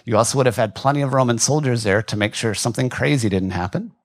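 Pastor, male, mid pitch, conversational sermon, voice going, dry close sound. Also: fast talker, dry recording. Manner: conversational, asides and jokes to the congregation. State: losing his voice. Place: church hall.

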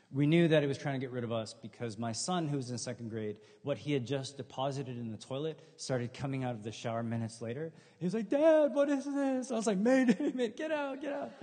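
Man, middle-aged, pastor, sermon, husky voice, casual storytelling, long hall reverb. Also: medium pitch, darkish tone. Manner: conversational, humorous storytelling with acted quotes.

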